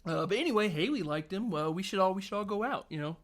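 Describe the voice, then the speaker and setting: Brief: young adult male podcast co-host, slightly high, laughs often, plays out movie lines. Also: lively intonation. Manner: laughing, acting out movie lines in quick voices. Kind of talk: casual film podcast chat.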